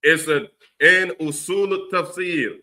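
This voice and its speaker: A man with a Philadelphia accent hosting a livestream, ranting forcefully and preachily, with long runs of stammered fillers. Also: a little high, slow pace. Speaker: livestream host giving religious commentary. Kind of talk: heated livestream rant.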